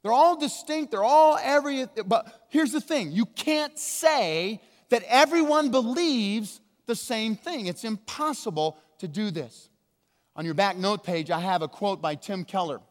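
A man preaching a sermon as pastor, emphatic, slowing down hard on key words, with big swings between loud and quiet. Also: high-pitched. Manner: emphatic, with slow drawn-out stresses and wide swings in loudness. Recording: long hall reverb.

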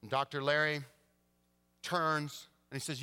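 A male pastor preaching a sermon, swinging between hushed, quiet passages and emphatic, rising declarations. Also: fairly high pitch, a little slow, pauses often. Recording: long church-hall reverb.

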